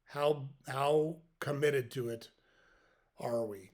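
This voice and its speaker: A man's voice: mid-range voice, slow pace, darkish tone. A middle-aged man hosting a podcast, giving a folksy, reflective motivational talk and explaining his points step by step. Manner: folksy, tells jokes as examples. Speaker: podcast host.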